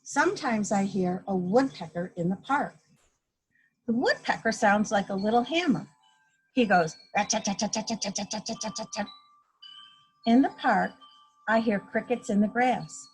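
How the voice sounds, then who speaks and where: A woman's voice: mid-range voice, lively intonation, a little slow, faint music behind. A woman reading a children's picture book aloud on a video call, voicing the book's sound effects expressively. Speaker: guest story reader.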